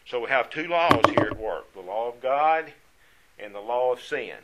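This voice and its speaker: A man teaching a Bible study class, earnest and conversational, growing louder when he reads scripture aloud. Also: medium pitch, expressive, moderate pace, very noisy. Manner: earnest, rises in volume when reading scripture.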